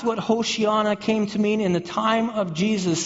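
A man's voice: sits high, a little slow, few pauses. A man preaching a sermon, telling the story vividly and repeating words as he builds a picture for listeners. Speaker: pastor. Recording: dull sound with long hall reverb.

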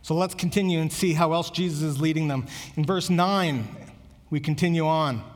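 Casting: male pastor with a high voice, earnest conversational sermon, lingering hall reverb. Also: normal speed. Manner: earnest, conversational preaching with repeated words.

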